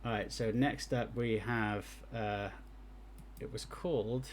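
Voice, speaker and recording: A man giving live gameplay commentary as he streams and reviews game jam entries, excitable and thinking aloud as he plays. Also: lowish voice, slow pace, a little hiss or hum. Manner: excitable, talks to himself while playing.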